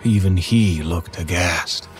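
A man narrating a horror story in a measured, somber way from a script. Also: low voice, faint music behind.

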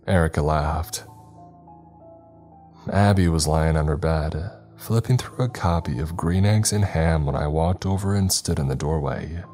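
A man narrating a scary story in a calm, measured way. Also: extremely low pitch. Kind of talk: scripted horror story narration. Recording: faint music bed underneath.

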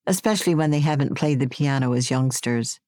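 A woman reading aloud voices an elderly male piano teacher, who speaks slowly, kindly and without frustration. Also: dark tone, no echo, clean studio sound. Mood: patient. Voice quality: deep, gravelly. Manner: slow, unhurried, kindly. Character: patient old male piano teacher in his eighties.

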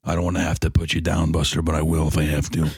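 A man's voice: extremely low pitch, monotone, fast, slightly rough, no echo, clean studio sound, voice pushed down. A man doing a foul-mouthed menacing aardvark boy. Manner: blunt, pushy, swearing. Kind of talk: comedic podcast improv.

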